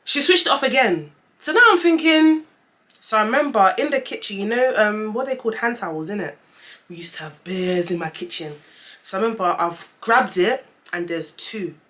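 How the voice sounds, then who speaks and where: Young woman, casual story-time vlogger, animated, talks straight to the audience. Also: medium pitch, a little fast. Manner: chatty, animated storytelling, addresses viewers as guys.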